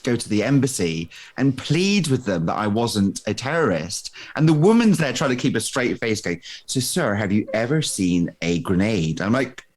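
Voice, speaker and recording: A man being interviewed as a guest, telling a story in an excitable, breathless way and laughing often. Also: fairly low pitch, normal speed, hardly any pauses. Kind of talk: animated anecdote telling.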